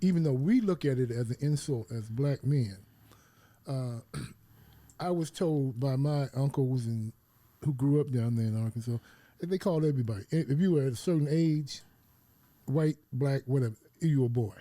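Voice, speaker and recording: A man's voice: mid-range voice, moderate pace, dark tone, dry recording. A man co-hosting a podcast, talking in a casual discussion and arguing his point firmly. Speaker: podcast co-host.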